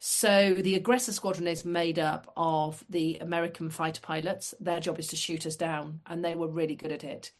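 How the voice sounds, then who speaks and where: Woman telling lively anecdotes. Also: sits low, normal speed, hardly any pauses. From United Kingdom. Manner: lively anecdotes, self-deprecating asides. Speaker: guest, former fast jet pilot. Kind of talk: casual storytelling.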